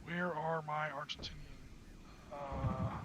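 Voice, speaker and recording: Excitable man narrating a solo wargame. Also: a little high, slow. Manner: excitable, talks to himself while playing. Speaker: wargame podcast host. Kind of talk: solo tabletop wargame playthrough. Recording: dull lo-fi sound with clear background noise.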